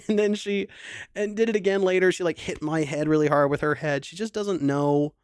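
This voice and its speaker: Hosting a livestream concert, a young adult male singer talks fast in a voice on the high side, rambling casually through a sentimental story full of restarts. The recording is dry and studio quality.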